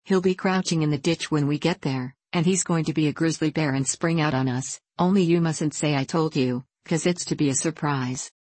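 A woman's voice: deep voice, moderate pace, few pauses, darkish tone, dry recording. A woman reading an audiobook, giving a cautious, bossy little girl her lines in a plain, firm way.

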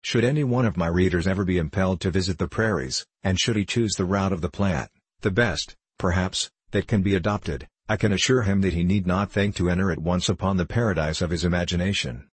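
A man with a deep voice reads an old travel memoir in a steady, measured way. His tone is a little husky. The recording is dry and close, with no room sound. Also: no echo. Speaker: audiobook reader. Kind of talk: scripted narration of a classic travel memoir.

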